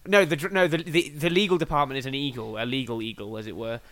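A British man co-hosting a podcast, trading improvised comic banter with quick sarcastic interjections. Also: medium pitch, steady tone, a bit bright, no echo. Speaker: podcast co-host.

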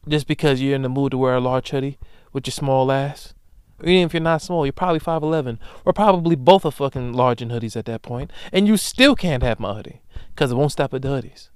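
A young man hosting a solo comedic podcast, ranting emphatically with profanity and loud animated bursts. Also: medium pitch, fast, clean tone, dry recording, clean studio sound. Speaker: podcast host.

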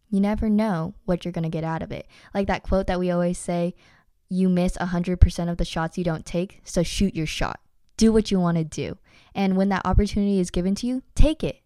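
A woman's voice: fairly low pitch, warm tone, smooth, no room sound, clean studio sound. A young adult woman hosting a motivational podcast, talking earnestly and encouragingly to her listeners. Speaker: podcast host.

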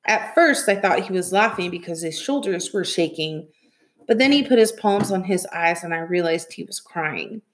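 Soft-voiced woman reading a novel. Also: lowish voice, expressive, moderate pace. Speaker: reader.

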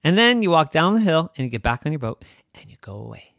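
A man voicing a calm, wise ghost who patiently explains things in a bedtime story. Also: on the high side, quick pace, no echo, studio quality, pitched above the performer's own voice. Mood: explaining.

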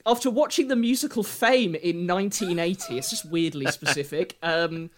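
A man co-hosting a podcast, walking through researched notes with wry, deadpan asides. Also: sits high, moderate pace. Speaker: podcast co-host. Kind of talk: casual chat.

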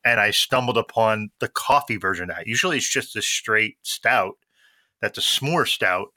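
A man hosting a podcast in casual chat, joking and quick to laugh. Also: on the low side, expressive, sharp tone, dry recording. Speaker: podcast host.

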